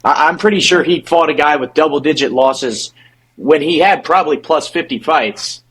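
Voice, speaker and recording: A husky-voiced young man arguing his point in a casual sports podcast. His voice sits a bit high, and he tumbles over his words, restarting sentences as he pushes ahead. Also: a bit bright, rough recording. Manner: fast, halting, repeats words when restarting. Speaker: podcast co-host.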